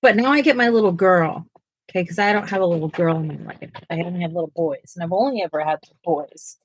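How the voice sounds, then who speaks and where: Breathy woman chatting to her livestream. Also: fairly low pitch, fast, no room sound. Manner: chatty, talks to live chat viewers. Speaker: livestream host. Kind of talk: casual chat while coloring.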